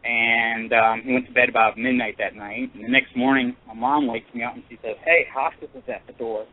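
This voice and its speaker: A male caller tells a personal story on a radio call-in show, earnest and halting, full of pauses and restarts. His voice sits in an ordinary middle pitch. It comes through a narrow, tinny phone line. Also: fairly even intonation.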